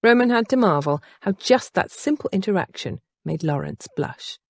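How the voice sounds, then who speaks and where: A woman narrating an audiobook in an expressive, varied way. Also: medium pitch, moderate pace, dry recording. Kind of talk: scripted narration.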